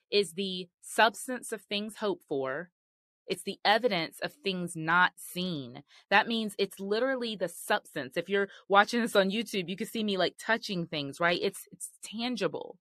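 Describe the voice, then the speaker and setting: A woman's voice: mid-range voice, animated, measured pace, fairly bright tone, dry recording, studio quality. A woman host giving sermon-style marriage teaching, earnest and emphatic in a conversational way.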